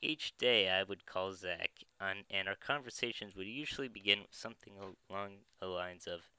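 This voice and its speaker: A man's voice: low-pitched, moderate pace, sharp tone, clean tone, poor audio. A man narrating a first-person story in an amused tone, with occasional slips and chuckles.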